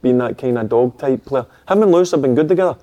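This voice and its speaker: A man's voice: medium pitch, lively intonation, quick pace, warm tone, dull audio. A Scottish man giving blunt football opinions in a casual chat. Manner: plain-spoken, blunt opinions. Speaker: football pundit.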